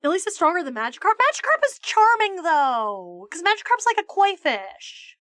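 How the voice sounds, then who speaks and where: A woman streamer with a high, bright voice rants animatedly and swears freely. She stumbles over quick restarts as she chats casually with her viewers. Her voice sounds close and dry, with no room echo. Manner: animated, profane mock-ranting; stammering restarts. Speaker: VTuber streamer. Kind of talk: casual live-stream chat.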